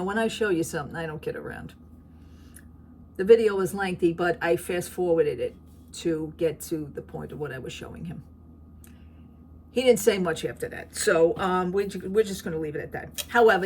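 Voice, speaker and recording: A woman's voice: on the low side, slight background noise. A middle-aged woman chatting in a rambling, talkative way for her vlog, laughing at her own stories. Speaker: vlogger. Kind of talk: casual chat.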